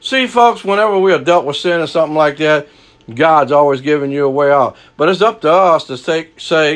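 A man preaching a sermon, folksy and lively, swinging from hushed lows to loud highs. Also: fairly quick.

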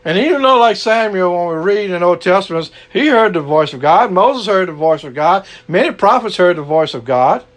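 A man's voice: high voice, lively intonation, normal speed, few pauses. A man preaching an earnest sermon to an online gathering, repeating his key lines and closing in prayer.

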